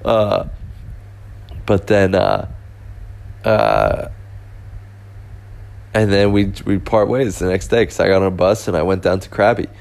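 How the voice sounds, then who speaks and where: A man's voice: low voice, animated, measured pace, creaky, pauses often, a little mellow. A young man hosting a podcast, telling travel stories in a casual, rambling way full of fillers and restarts. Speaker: podcast host.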